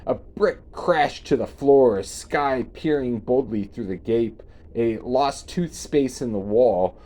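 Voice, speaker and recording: A man's voice: medium pitch, slow pace, dark tone. Man reading a memoir aloud, stumbling. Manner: earnest, stumbling over words and restarting. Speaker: reader.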